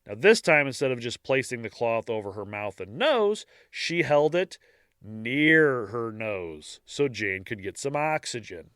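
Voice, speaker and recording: A man co-hosting a podcast, narrating a case in a casual true-crime style and breaking off for dark jokes. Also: mid-range voice, very animated, measured pace, smooth, dry recording, clean studio sound.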